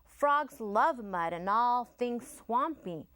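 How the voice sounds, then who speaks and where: A woman voicing a timid little frog in a picture book read aloud, in a soft, plaintive storybook voice. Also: a little high, expressive, slow, dry recording. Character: small tearful frog, timid.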